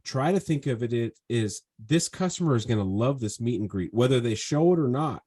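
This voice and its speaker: Energetic man coaching over a video call. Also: medium pitch, fairly quick, slightly rough. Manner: energetic, emphatic, talks in long persuasive runs. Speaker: sales trainer and podcast host. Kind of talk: one-on-one coaching.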